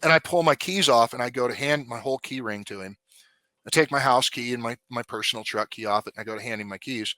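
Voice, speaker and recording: A man's voice: mid-range voice, fast, no echo. Blunt, profane man telling a story. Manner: blunt, profane, animated retelling. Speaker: guest, former police officer. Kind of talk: casual storytelling.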